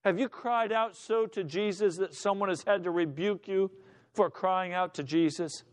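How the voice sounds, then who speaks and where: A man preaching a sermon in a high, tenor-range voice. He is impassioned and acts out shouting characters as he tells his story, swinging between hushed lines and sudden cries. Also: moderate pace. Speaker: pastor.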